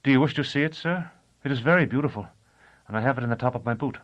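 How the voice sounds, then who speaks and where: A man's voice: mid-range voice, quick pace, muffled recording, voice pushed up, natural voice. A man reading an audiobook, voicing a young exiled executioner who speaks politely, eagerly and with deference. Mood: deferential.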